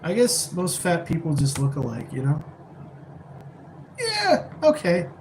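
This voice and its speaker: A man's voice: on the high side, very animated, normal speed, a little mellow, slight background noise, rough recording. A man casually chatting on a live stream, rambling and laid-back while answering viewers from a rented apartment, keeping his voice down.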